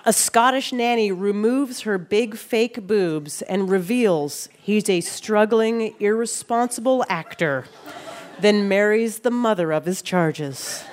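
A woman's voice: mid-range voice, takes it slowly. A woman hosting a quiz show, reading clues aloud in a playful way. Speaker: game show host. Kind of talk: quiz show hosting before a live audience.

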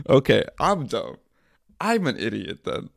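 A young man running his own podcast via livestream talks casually, cursing, frustrated and self-mocking. His medium-pitched voice has vocal fry, captured in a dry, clean studio recording.

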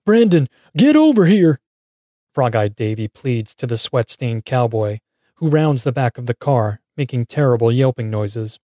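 Dark-voiced man narrating a horror tale. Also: medium pitch, moderate pace, no room sound, clean studio sound. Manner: wry, dramatic storytelling. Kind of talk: first-person scripted narration.

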